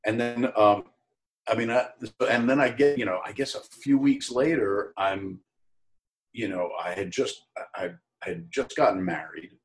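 A middle-aged man, an actor as a guest, casually telling an anecdote and acting out the people in it with jumps up in pitch. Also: unhurried. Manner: animated storyteller who acts out quoted voices in a higher pitch.

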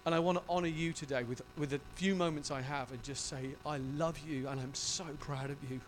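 Effusive high-voiced male preacher. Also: brisk, a little hiss or hum. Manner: emotional, effusive, animated preaching. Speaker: pastor. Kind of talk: sermon.

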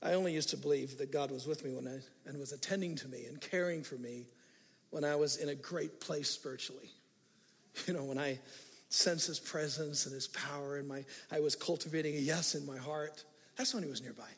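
An older man preaching a sermon as pastor, animated, moving from hushed asides to loud emphatic passages. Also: fairly high pitch, fairly quick, gravelly, breathy edge. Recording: reverberant hall.

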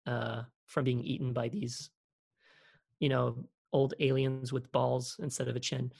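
A man's voice: medium pitch, level tone, measured pace, creaky, darkish tone, breathy edge. A man co-hosting a casual podcast from home, rambling with lots of fillers. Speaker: podcast co-host. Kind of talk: casual chat.

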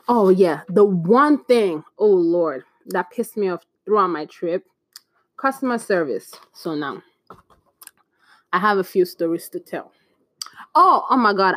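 A woman vlogging in a casual, animated storytelling way, chatty and laughing at her own stories. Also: lowish voice, no echo.

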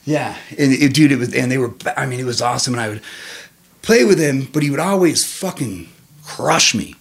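An animated man telling stories with lots of swearing, in casual conversation. When he acts out his own reactions, his voice jumps sharply upward. His middle-range voice is otherwise plain. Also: brisk, creaky. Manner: animated, profane, jumps into high-pitched quotes of himself. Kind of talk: casual storytelling chat.

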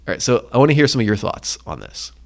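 A man's voice: medium pitch, quick pace, gravelly. Man, podcast co-host, casual faith chat, storyteller, acts out quotes. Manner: retells stories with lively acted-out quotes.

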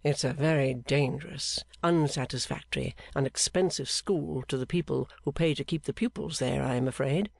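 A man voicing a modest, reserved gentleman who speaks dryly and a little uneasily. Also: medium pitch, steady tone, moderate pace, vocal fry, hardly any pauses, husky, no room sound. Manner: dry and hesitant.

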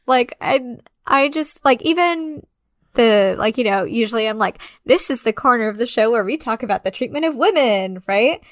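A woman's voice: a little high, expressive, dry recording. Chatty woman with a dry close sound. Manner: chatty, many fillers, quick asides. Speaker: podcast co-host. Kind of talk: casual film discussion.

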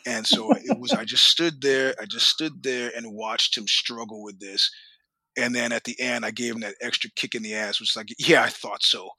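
A middle-aged man spins profane, animated stories as a podcast guest, laughing as he goes and jumping into the voices of people he quotes. His tone is bright and forceful, and the close mic sounds dry with no room around it. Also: mid-range voice, moderate pace, gravelly, dry recording. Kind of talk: storytelling in a casual interview.

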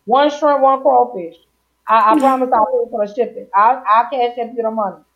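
A woman's voice: fairly high pitch, steady tone, normal speed. Playful woman podcast host, lo-fi. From Louisiana. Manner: playful, sings out greetings. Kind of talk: casual chat. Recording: dull lo-fi sound.

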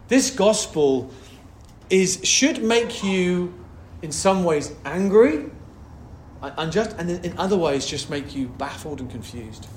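A man's voice: high-pitched, slight background noise. A man preaching a sermon as pastor, talking in a passionate, conversational way with frequent asides to the congregation. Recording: roomy echo.

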